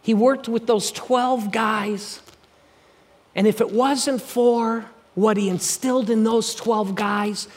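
A middle-aged man preaching a sermon as pastor, energetic and animated, dropping to hushed passages at times. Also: sits high, slow.

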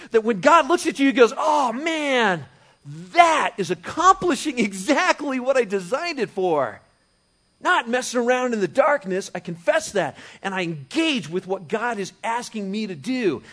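A man preaching a sermon as pastor, conversational and animated, moving from hushed to loud and emphatic. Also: sits high. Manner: conversational with frequent restarts and chuckles.

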